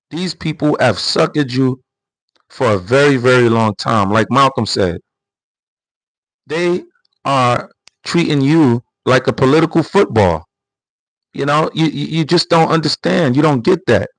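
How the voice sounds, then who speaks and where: A man hosting a livestream, talking politics in a casual, emphatic rant. He keeps repeating himself and firing off rhetorical questions in a mid-pitched voice. The sound is dry and close, with no room echo. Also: expressive, a little slow. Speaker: livestream host.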